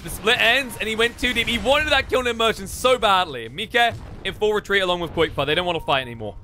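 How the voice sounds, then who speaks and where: A man casting a live video game match with rapid, excitable play-by-play. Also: high voice, soft background music. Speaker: esports caster.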